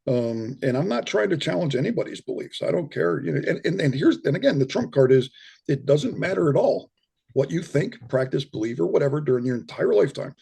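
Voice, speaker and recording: A middle-aged researcher of near-death experiences explains his views as a guest in a casual interview, often restarting sentences and repeating words. His fairly high voice is brisk and lively in intonation, warm and slightly rough, with vocal fry.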